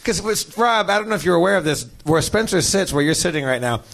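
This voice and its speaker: A man's voice: high voice, expressive, quick pace, creaky, a bit bright. A man co-hosting a live comedy podcast, teasing the host and stammering over repeated words.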